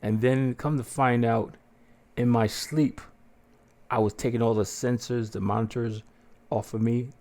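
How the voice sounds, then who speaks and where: Guy ranting through a story on his podcast, cursing a lot, mid pitch, pops up high when he does other people's lines. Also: measured pace. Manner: profane, animated, acts out quotes in a raised voice. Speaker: podcast host. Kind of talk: casual storytelling chat.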